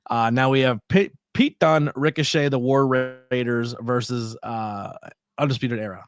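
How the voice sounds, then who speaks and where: Relaxed male podcast co-host, rambling. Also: medium pitch, normal speed. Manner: relaxed, rambling, laughs often, many fillers. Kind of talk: casual wrestling podcast chat.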